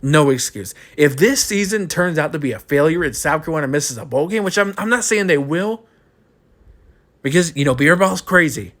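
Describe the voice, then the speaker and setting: A man's voice: fairly high pitch, expressive, normal speed, fairly bright tone. A young man giving a frustrated postgame rant as a college football fan, repeating himself and ranting.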